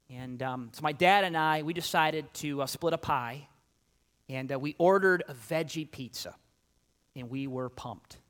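A middle-aged man preaching a sermon, telling a personal story with animated swings from loud emphasis to quiet asides. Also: on the high side. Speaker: pastor.

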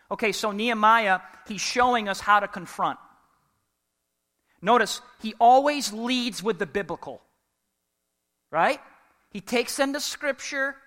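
Male pastor, high bright voice, lively sermon with call-and-response questions, long hall reverb. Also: a little slow, long pauses. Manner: animated, humorous, asks the congregation questions.

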